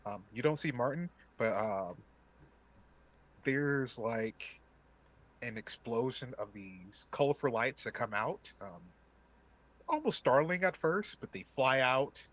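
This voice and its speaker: Game master guy, animated pitch, casual, fillers, tabletop narration. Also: unhurried.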